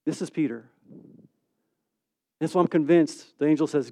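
A man preaches in a lively, conversational way, often checking in with "right?". He acts out the scenes, swinging from loud to hushed. His voice sits high and the sound is dry, with no room echo. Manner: animated storytelling with quick swings between loud and hushed. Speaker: pastor. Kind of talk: sermon.

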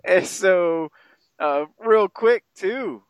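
A man co-hosting a podcast in casual chat, rambling and profane, his voice jumping up in pitch when he gets excited. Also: drawn-out words, smooth, dry recording. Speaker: podcast co-host.

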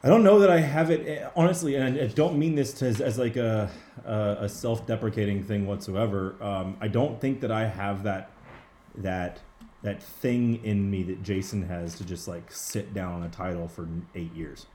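A man with a fairly low voice chats as a guest writer on an interview show. He gets excitable and curses casually, often restarting his sentences. His voice bounces around a roomy space over faint background hiss. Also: normal speed. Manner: profane, excitable, many restarts. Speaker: comic book writer guest. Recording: roomy echo.

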